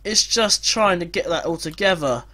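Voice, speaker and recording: A young man doing Let's Play commentary on a football management game, swinging from glum muttering to loud shouts. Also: high-pitched, lively intonation, normal speed. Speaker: gaming YouTuber.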